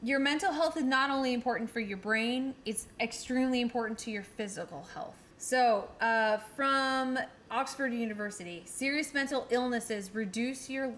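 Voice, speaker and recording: A podcast co-host with a fairly high, slightly bright voice talks at normal speed with barely a pause. Blunt and freely swearing, she laughs mid-sentence now and then during the casual chat, with slight background noise.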